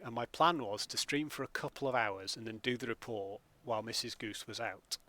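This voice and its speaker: A man from England keeps up casual, chatty talk with viewers while streaming gameplay live from home, greeting them by name. His voice has a medium pitch and a bright, forceful tone.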